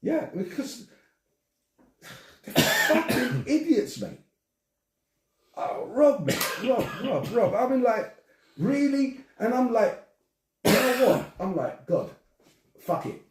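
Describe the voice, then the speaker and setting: A man's voice: extremely high pitch, slow pace, pauses often. Ranting older man, roomy echo. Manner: animated, swearing, ranting. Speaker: podcast host. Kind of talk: casual podcast chat. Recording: echoey room, distant from mic.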